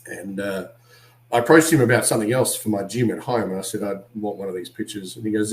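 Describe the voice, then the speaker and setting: A man with an Australian accent, an actor guest on an interview, telling animated anecdotes and acting out what other people said. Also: on the low side, fast, echoey room, low-quality recording. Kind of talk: casual interview storytelling.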